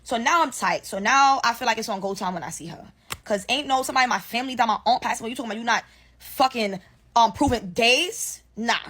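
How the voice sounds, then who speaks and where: A young woman rattles off a workplace story in a quick, animated rush, heavy on slang and swearing. Her voice sits a bit high for a woman, and she acts out the other people's lines as she goes. It sounds like a casual phone-recorded vent to the camera. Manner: animated, profane, slangy storytelling with acted-out quotes. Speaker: storyteller ranting about work. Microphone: phone selfie video.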